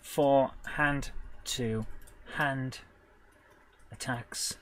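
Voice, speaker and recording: A man designing a tabletop game live, thinking aloud in a hesitant, halting way, stopping and correcting himself, with bursts of excitement when an idea lands. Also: mid-range voice. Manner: hesitant, halting, full of restarts and self-corrections. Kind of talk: thinking aloud while working.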